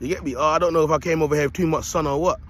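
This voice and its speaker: A man's voice: on the high side, very fast, fairly bright tone, slight background noise. A man vlogging outdoors in a park into a phone, streetwise and preachy, in a casual motivational style. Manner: streetwise and preachy, repeats "you get me".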